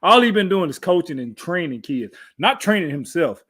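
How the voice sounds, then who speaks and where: A man in his thirties talks sports loosely on a podcast, bragging and trash-talking. He says his points again and again. His voice sits a bit high for a man. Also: sing-song, moderate pace, a bit bright. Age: 30s. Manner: boastful, trash-talking, repeats himself. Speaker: podcast co-host. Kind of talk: casual sports chat.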